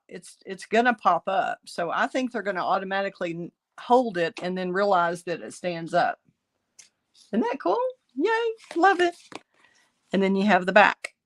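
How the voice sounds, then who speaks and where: A middle-aged woman, raspy from bronchitis, chatting through a card-making tutorial as she works. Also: fairly low pitch. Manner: chatty, thinking aloud while working. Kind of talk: casual craft tutorial.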